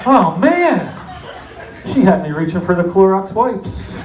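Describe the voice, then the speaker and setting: A middle-aged man from New Jersey doing a stand-up comedy set with deadpan, self-mocking storytelling. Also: sits high, a little slow, recorded from a distance, loud music behind the voice. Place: comedy club stage. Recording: echoey club with audience noise. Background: audience laughter.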